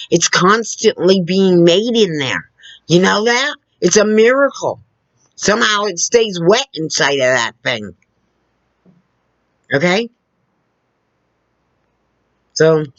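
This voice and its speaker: A woman's voice: on the low side, no echo, muffled recording. A woman vlogger lecturing straight to the camera, repeating her points and checking in with "okay?", recorded on a computer camera two feet away. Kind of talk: direct-to-camera opinion rant.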